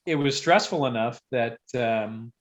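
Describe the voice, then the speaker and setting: A man who is a guest on a podcast, telling a story casually and rambling, with sudden loud bursts when he acts out quotes. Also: medium pitch, a little slow, dull audio.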